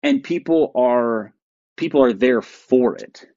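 A man's voice: mid-range voice, lively intonation, takes it slowly, mellow, no echo. A middle-aged man co-hosting a podcast in casual chat, telling stories in a dry, wry way. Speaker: podcast co-host. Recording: dry, slightly dull sound.

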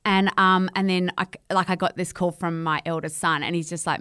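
A middle-aged Australian woman co-hosting a parenting podcast, telling stories in a lively way and laughing often. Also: fairly low pitch, brisk, clear, resonant tone, no echo, clean studio sound. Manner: animated storyteller, laughs often. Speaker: podcast co-host, parent educator. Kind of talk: casual chat.

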